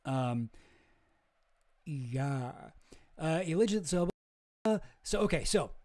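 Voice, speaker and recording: A man's voice: a little high, lively intonation, slow pace, a little mellow. A man streaming casual commentary, rambling and hesitant, swearing freely.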